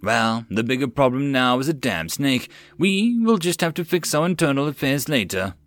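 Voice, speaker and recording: A man's voice: medium pitch, sing-song, moderate pace, no room sound, voice pushed up, lightly acted. A man voicing a weary male lord of a port city, talking in a tired, grumbling way.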